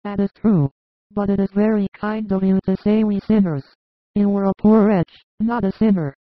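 A man raising his voice to voice gentle women in a dramatized audiobook reading. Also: high voice, steady tone, moderate pace, no echo, narrow, tinny audio, pitched above the performer's own voice, close to an everyday voice. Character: women disciples, gentle and sorrowful.

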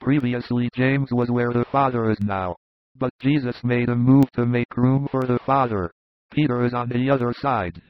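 Measured male audiobook narrator. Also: medium pitch, steady tone, no echo. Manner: measured, descriptive. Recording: dull lo-fi recording.

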